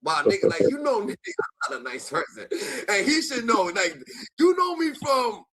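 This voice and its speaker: A man telling a rowdy street story in casual chat, heavy with slang and cursing, jumping in pitch whenever he acts out other people. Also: normal speed, vocal fry, low-quality recording. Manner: animated storytelling, acting out quoted voices with jumps in pitch. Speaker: host.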